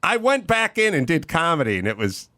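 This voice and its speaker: A middle-aged man hosting a casual chat, an animated storyteller who loudly imitates other people. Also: on the high side, a little fast, no echo, clean studio sound. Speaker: podcast host.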